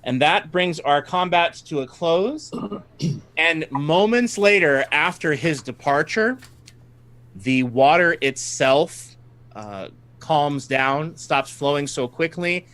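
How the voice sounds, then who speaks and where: Male game master, unhurried and a touch high, narrating a tabletop session with frequent laughs. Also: lively intonation, a bit bright.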